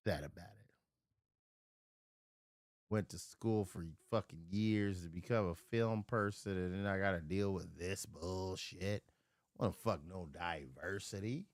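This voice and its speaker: A man hosting a live stream, ranting casually and profanely, with sudden jumps into loud impressions of people he argues with. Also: sits low, a little slow, no room sound, clean studio sound. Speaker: livestream host.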